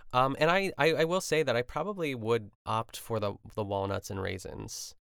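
A man's voice: mid-range voice, steady tone, moderate pace, gravelly, a bit bright, clean tone, dry recording, studio quality. A young man hosting a podcast, chatting casually and rambling through a cooking show recap with lots of fillers and asides. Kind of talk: casual chat.

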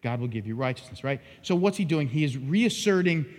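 Pastor, male, high and lively delivery, husky, dramatic sermon style; recorded with long hall reverb. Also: a little fast. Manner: animated, acts out quoted lines with sudden rises. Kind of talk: expository sermon. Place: church sanctuary.

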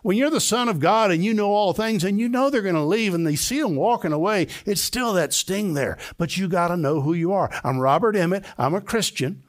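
An older male pastor delivers a sermon from a church sanctuary, his voice sitting a touch high for a man. He preaches with emphasis and often lifts into high, excited bursts. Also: fairly quick, few pauses.

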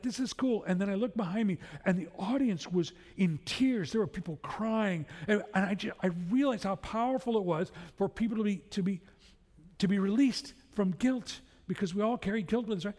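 Pastor, male, slightly high voice, chatty storytelling sermon, long hall reverb. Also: darkish tone. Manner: conversational storytelling with frequent restarts.

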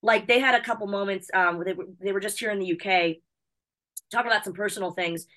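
A woman from the United States, a wrestling personality chatting as an interview guest, bubbly, excitable and chatty. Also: mid-range voice, quick pace. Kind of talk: casual chat.

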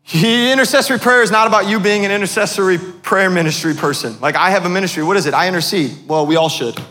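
A man's voice: high-pitched, quick pace, bright, forceful tone, in a large hall. A man preaching a sermon as pastor, asking the congregation questions as he goes.

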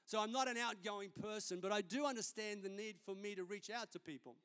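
High-voiced pastor preaching. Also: male voice, a little fast, fairly bright tone, smooth. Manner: conversational storytelling preaching. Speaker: senior pastor. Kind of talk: sermon. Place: church service.

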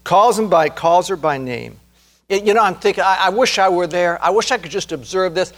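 A man preaching a sermon as pastor, earnest, slowing down and rising in fervor to stress key words. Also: high-pitched, a bit bright, faint music behind.

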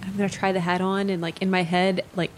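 A woman playing in a tabletop game, giggly and lively. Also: on the low side, quick pace, a little hiss or hum. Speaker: player.

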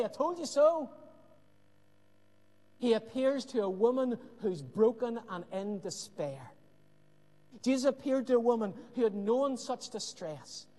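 A man preaching a sermon with earnest emphasis and dramatic pauses, often dropping to a hushed voice. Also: extremely high pitch. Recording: long hall reverb.

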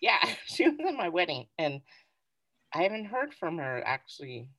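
A woman with a fairly low voice, speaking at normal speed in a dry recording, co-hosts a podcast. She tells stories casually and animatedly, filling them with "like" and "you know" in relaxed chat.

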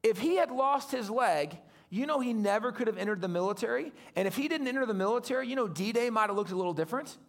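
Male guest pastor, animated storyteller, very high voice with a gravelly edge. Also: fast. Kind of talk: storytelling sermon.

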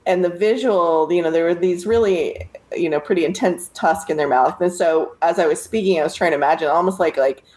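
A woman co-hosting a casual podcast, animated and laughing often as she tells stories about running games. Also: fairly low pitch, fairly quick. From American South. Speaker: podcast co-host and game master. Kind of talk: casual chat.

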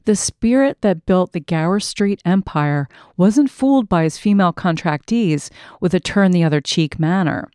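Warm-voiced woman reading a memoir. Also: on the low side, normal speed, hardly any pauses, clean tone, dry recording, studio quality. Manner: expressive, dramatic reading. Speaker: podcast host.

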